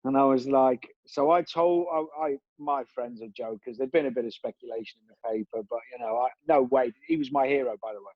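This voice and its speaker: A man's voice: mid-range voice, brisk, few pauses, dry recording, muffled recording. A man, a guest telling long stories in a rambling way, with many restarts and fillers. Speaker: interview guest, former footballer. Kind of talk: relaxed storytelling.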